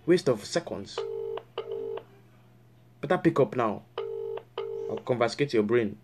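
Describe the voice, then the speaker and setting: A man's voice: medium pitch, animated, takes it slowly, background noise. A man making a prank call as a fake counselor, scolding and repeating himself angrily. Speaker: prank caller posing as a counselor.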